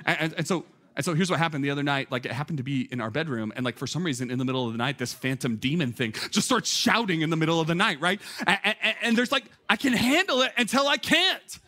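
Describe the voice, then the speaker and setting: High-voiced, animated male pastor preaching. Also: fast. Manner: animated, conversational, many filler "like"s, rising to near shouts. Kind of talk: sermon.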